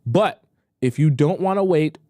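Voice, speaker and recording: Mellow-voiced man hosting a dating-advice stream. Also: on the high side, lively intonation, a little slow, no room sound, studio quality. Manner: emphatic, repeats points for stress. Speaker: dating coach and live-stream host. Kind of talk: casual live-stream advice talk.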